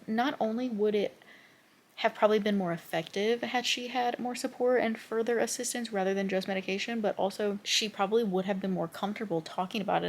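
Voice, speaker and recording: A young woman in her twenties talks casually to camera in a reading vlog. She gets animated and heated as she rants, with her pitch sitting right in the middle of the range. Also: gravelly, a little hiss or hum. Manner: expressive, ranting. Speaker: book vlogger.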